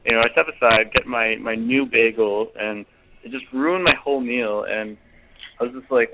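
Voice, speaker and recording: A man's voice: mid-range voice, moderate pace, a little hiss or hum. A man leaving a casual, profane voicemail rant, full of fillers and restarts, heard over a phone line. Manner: profane, hesitant with many fillers. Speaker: voicemail caller. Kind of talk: casual ranting phone message.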